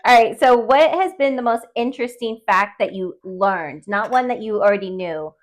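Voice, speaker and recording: A woman's voice: medium pitch, normal speed. A woman hosting a podcast in casual chat, laughing easily and tossing in short teasing replies. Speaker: podcast host.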